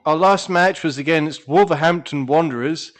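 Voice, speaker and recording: Lad, fairly high voice, swears and laughs through casual podcast banter. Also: male voice, normal speed. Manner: swears a lot, laughs often, rambling storyteller. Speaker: podcast co-host.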